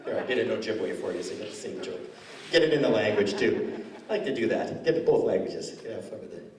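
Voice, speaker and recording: A man's voice: fairly low pitch, expressive, fairly quick, a little mellow. A man doing stand-up comedy in a school hall, telling stories in a rambling, chatty way. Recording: echoey hall from far off.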